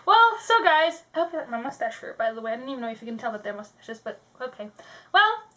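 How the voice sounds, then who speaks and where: Casting: high, bright-voiced young woman, giggly book vlogger, loose casual chatter. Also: big pitch swings, quick pace. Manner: giggly, chatty, trails off with fillers. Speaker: co-host of a book channel. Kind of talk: casual chat.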